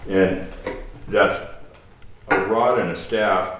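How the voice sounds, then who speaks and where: Guest preacher, male, low voice, chatty halting sermon, heard off-mic in a roomy echoing hall with faint hiss. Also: steady tone, fairly bright tone. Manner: conversational, halting, with restarts and asides. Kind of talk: informal sermon. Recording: echoey hall from a distance with faint noise.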